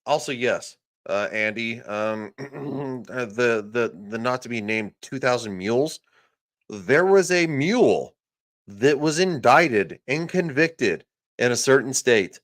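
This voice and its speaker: A man hosting a podcast, loudly yelling and swearing through a political rant. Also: medium pitch, expressive, slow. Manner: loud, profane, yelling. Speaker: podcast host. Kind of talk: ranting political commentary.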